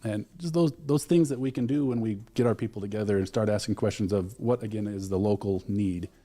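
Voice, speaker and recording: A man's voice: on the low side, fairly quick, dark tone, faint music behind. A man being interviewed as an alumni relations director, earnestly retelling events with quoted dialogue. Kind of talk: radio interview guest.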